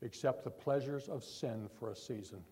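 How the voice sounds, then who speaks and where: An older man, a pastor, preaching a sermon in church in an earnest, repetitive way, talking from the heart rather than yelling. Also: medium pitch, normal speed, breathy edge.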